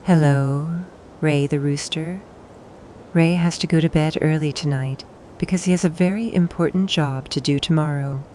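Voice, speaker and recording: A woman narrating bedtime stories for toddlers, soft and soothing, pausing for the child to answer. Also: low voice, fairly even intonation, a little hiss or hum. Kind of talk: gentle bedtime storytelling for toddlers.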